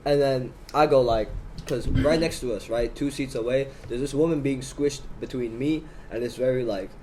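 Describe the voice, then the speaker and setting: Teen boy, student podcaster, animated storyteller, slight background hiss. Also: medium pitch, moderate pace, poor audio. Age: teens. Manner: animated storyteller acting out both sides of an argument. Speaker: podcast co-host. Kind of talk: casual storytelling. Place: school room in Hong Kong.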